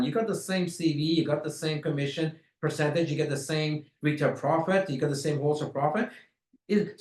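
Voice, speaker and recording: A man with a high voice delivers a motivational sales training, hammering points home through repetition and drawn-out words. His voice rings around a reverberant room. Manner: emphatic and repetitive, stretching key words. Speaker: network marketing trainer.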